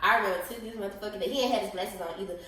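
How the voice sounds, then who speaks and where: A young woman co-hosting a podcast, telling a story in casual, profane, animated chat and acting out other people's lines. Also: mid-range voice, rapid-fire. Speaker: podcast co-host. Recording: echoey room.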